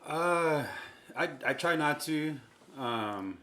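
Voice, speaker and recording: An easygoing man answers interview questions, often laughing and pausing to find his words. His voice rings in a roomy, echoing space. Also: on the high side, animated, a bit bright, a little hiss or hum. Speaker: guest, music label owner. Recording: roomy echo.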